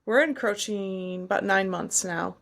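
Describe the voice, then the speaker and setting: A woman's voice: medium pitch, measured pace, gravelly. A woman hosting a podcast, chatting casually and reacting to her guest. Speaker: podcast host. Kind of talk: casual chat.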